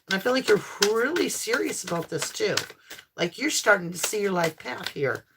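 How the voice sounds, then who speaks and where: A woman gives a live tarot reading to her viewers, gushing with affirmations and lots of exclamations. Her medium-pitched voice is expressive and moderately paced, against a noisy background.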